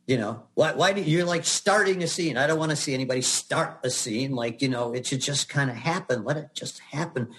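A man putting on an older male director who yells impatiently at an actor. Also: mid-range voice, brisk, few pauses, voice pushed up, natural voice. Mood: exasperated.

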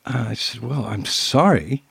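Husky British man telling anecdotes. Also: medium pitch, unhurried. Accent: British English. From Britain. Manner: animated storyteller who acts out quotes. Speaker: podcast co-host. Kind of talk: casual conversation, telling anecdotes.

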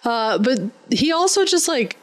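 A podcast co-host in casual chat, riffing quickly and joking while recapping a story. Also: high voice, sing-song, a bit bright. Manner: chatty, quick to riff and joke.

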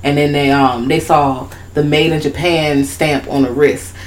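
A woman in casual podcast chat, recapping a movie in a profane, animated way. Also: unhurried, a little hiss or hum. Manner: profane, animated, slips into high-pitched character voices when retelling scenes.

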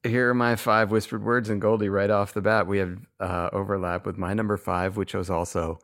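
A man's voice: on the low side, level tone, fairly quick, fairly bright tone. A man hosting a casual chat, playful and laughing often. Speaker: podcast host.

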